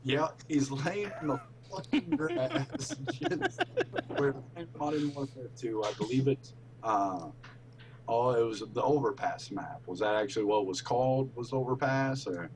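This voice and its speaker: A man's voice: medium pitch, animated, unhurried, a crowd in the background, low-quality recording. Earnest man musing on a podcast. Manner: earnest, rambling, with false starts. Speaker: podcast co-host. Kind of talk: casual reflective chat.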